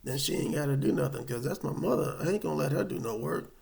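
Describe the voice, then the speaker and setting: Gravelly animated storytelling man. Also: on the high side, fast talker. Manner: animated, colloquial, rambling with restarts. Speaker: vlogger telling a personal story. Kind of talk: casual storytelling to camera.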